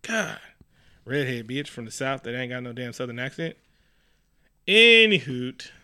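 A man co-hosting a casual movie recap, profane and animated, slipping into mocking quoted voices. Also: mid-range voice, moderate pace. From New York. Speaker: podcast co-host.

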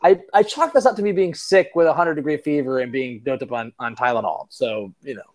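A man's voice: medium pitch, brisk, a little mellow. A man hosting a podcast in casual chat, telling rambling, self-mocking stories and swearing casually. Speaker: podcast host.

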